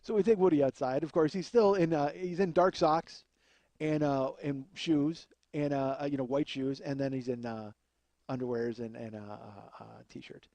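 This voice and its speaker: A man's voice: medium pitch, fairly even intonation, normal speed, mellow, no echo. A man telling a rambling, profane comic story as a podcast host, often laughing at his own tale. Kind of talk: comedic storytelling.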